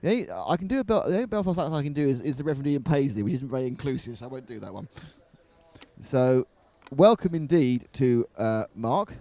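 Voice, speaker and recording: A man's voice: medium pitch, big pitch swings, quick pace, warm tone, dry recording. A man commentating live on a model car race, mixing race calls with jokey banter.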